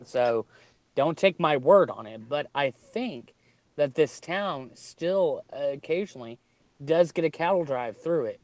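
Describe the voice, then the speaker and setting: A man's voice: fairly high pitch, animated, measured pace, darkish tone, dry recording. A man from the United States hosting a casual chat, rambling with many ums and hedges. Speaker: host.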